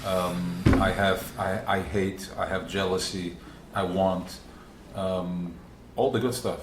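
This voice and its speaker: Guy teaching a religious class live, lowish voice, lots of restarts, echoey room. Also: steady tone, slow, a little hiss or hum. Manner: earnest, repetitive restarts, acts out inner voices. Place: room with a small group. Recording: roomy live recording.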